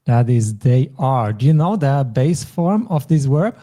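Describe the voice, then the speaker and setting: A man from German-speaking Europe hosts a language lesson at an even, middle pitch. His tone is mellow and relaxed. He explains each point patiently, step by step. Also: measured pace. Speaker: language teacher.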